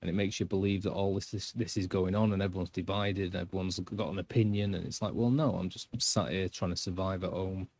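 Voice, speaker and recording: A man's voice: deep voice, steady tone, fast talker, hardly any pauses, a little mellow, slight background noise. A man with a Northern English accent chatting casually on a live stream, rambling and blunt. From England, between Manchester and Yorkshire.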